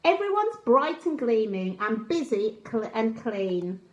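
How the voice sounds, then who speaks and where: A woman storyteller reading a picture book aloud to young children, gently asking them questions. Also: fairly high pitch, sing-song, a little slow, muffled recording. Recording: roomy echo.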